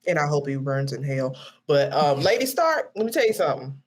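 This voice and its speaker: A woman's voice: deep voice, very animated, brisk. A middle-aged woman guesting on a podcast, talking bluntly and playfully with lots of swearing, sounding tired. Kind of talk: casual chat.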